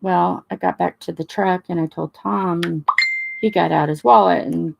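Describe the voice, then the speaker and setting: A woman's voice: fairly low pitch, moderate pace, creaky. A woman hosting a crafting chat, telling a rambling story in a casual way and acting out the dialogue. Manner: rambling, animated retelling with quoted dialogue. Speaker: crafting channel host.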